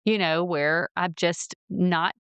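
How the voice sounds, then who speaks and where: Woman hosting a chat, super clear smooth voice, candid, laughs easy, dry close mic. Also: lowish voice, fairly even intonation, takes it slowly, fairly bright tone, no room sound, lo-fi sound. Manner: chatty, candid, laughs easily. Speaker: podcast host. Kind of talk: conversational interview.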